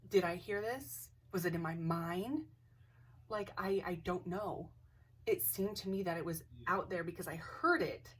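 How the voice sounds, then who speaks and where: A woman's voice: on the low side, recorded from a distance, a little hiss or hum. A young woman casually telling a ghost story, hesitant, with many restarts and dips into near-whispers.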